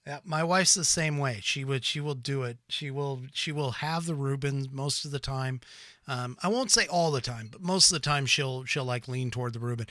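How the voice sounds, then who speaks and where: A middle-aged American man hosting a call-in podcast, chatting casually with quick asides and frequent restarts. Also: mid-range voice, pushed and bright, no echo. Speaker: podcast host.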